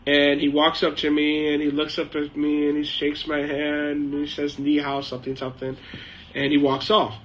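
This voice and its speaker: Middle-aged male streamer, casual anecdotal chat, slightly higher voice, light background noise. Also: monotone, normal speed, poor audio. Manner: rambling, anecdotal, frequent uh and um fillers. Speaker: host of a live chat stream. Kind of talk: casual storytelling monologue. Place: home shed, living in China.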